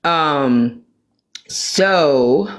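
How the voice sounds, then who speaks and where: A woman on a live stream talking candidly about her own experience, rambling with many pauses and restarts. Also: sits low, expressive. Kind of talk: personal storytelling in a live chat.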